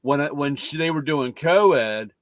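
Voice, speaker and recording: A man's voice: fairly high pitch, animated, slow, no echo. A middle-aged man hosting a casual car-talk chat, telling rambling stories and acting out what others said. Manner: rambling storyteller, acts out quotes loudly. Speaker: podcast host.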